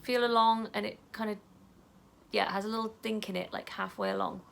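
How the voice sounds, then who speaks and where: A woman leading an EFT tapping session in a casual, chatty way, saying the affirmations softly and trailing off into a whisper. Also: mid-range voice, sing-song, brisk, creaky. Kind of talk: guided tapping instruction.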